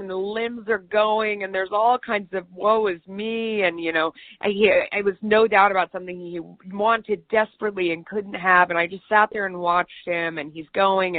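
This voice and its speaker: A woman's voice: mid-range voice, no room sound. Chatty female guest, self-deprecating storyteller, thin phone-like audio, dry and close. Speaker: TV news host, interview guest. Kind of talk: conversational storytelling. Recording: tinny phone-like line, dry.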